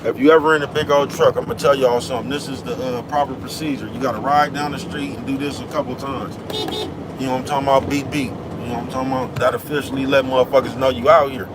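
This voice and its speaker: A man's voice: medium pitch, fairly even intonation, fast talker. A man driving a big truck, rambling and preaching in slangy, casual talk to his viewers. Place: cab of a big truck on the road. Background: faint traffic noise.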